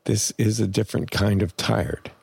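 A man reading a personal memoir aloud in plain, measured first-person storytelling. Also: on the low side, level tone, vocal fry, a little mellow, husky, no room sound. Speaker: memoir narrator.

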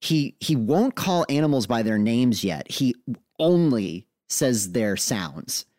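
A man co-hosting a podcast, telling a funny parenting story in a playful, animated way. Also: medium pitch, slow, no echo, clean studio sound. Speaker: co-host, father. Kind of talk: casual storytelling.

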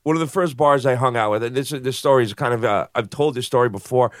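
A man's voice: medium pitch, fast, no room sound, studio quality. A man telling a long story in casual chat, swearing freely and acting out the voices of the people in it.

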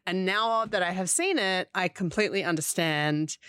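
Aussie woman podcast cohost, lowish voice, dead dry sound, chatty and laughs a lot. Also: a bit bright, smooth, dry recording. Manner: chatty, quick reactions, laughs easily. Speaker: podcast co-host. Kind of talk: casual pop-culture chat. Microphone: remote call-in mic.

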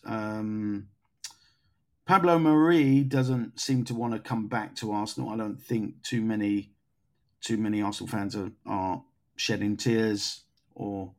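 A man's voice: medium pitch, darkish tone. A man hosting a casual podcast chat, rambling and thinking aloud as he goes. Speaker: podcast host.

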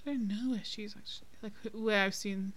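A woman's voice: medium pitch, fairly even intonation, fairly quick. A woman co-hosting a casual film-review podcast, talking in a chatty, hesitant way with many ums and restarts. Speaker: podcast co-host.

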